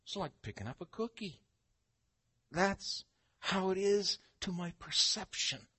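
An older man preaching a Bible-teaching sermon, emphatic, slowing down to read scripture aloud. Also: high voice, lively intonation, bright, forceful tone, husky, dry recording.

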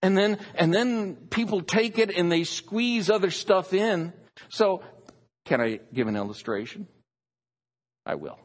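Slow, husky preacher in a reverberant hall. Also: male voice, sits high, animated. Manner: emphatic, stresses single words. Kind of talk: sermon.

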